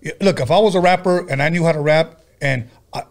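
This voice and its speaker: A man with a slightly high voice hosts a casual talk show. He jokes and swears freely, repeats himself often and drifts from story to story. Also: fast talker. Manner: loose, profane and joking, tells stories with many restarts. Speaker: podcast host. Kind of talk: casual chat.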